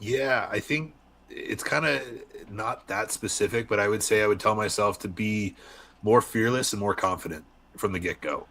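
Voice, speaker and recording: A young man from Arizona, a wrestler, chatting candidly as a podcast guest and telling lively stories. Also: lowish voice, normal speed. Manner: candid storyteller, animated voices in anecdotes. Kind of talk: casual podcast interview.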